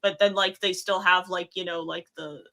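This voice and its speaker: A woman's voice: lowish voice, steady tone, normal speed, vocal fry, pushed and bright. A woman joking playfully in a casual chat among friends.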